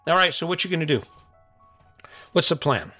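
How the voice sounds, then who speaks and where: A man's voice: fairly high pitch, big pitch swings, normal speed, pushed and bright, dry recording, soft background music. A middle-aged man hosting a podcast, giving an earnest, coaxing motivational talk that keeps repeating the same challenge to his listeners. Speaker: podcast host. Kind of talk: motivational monologue.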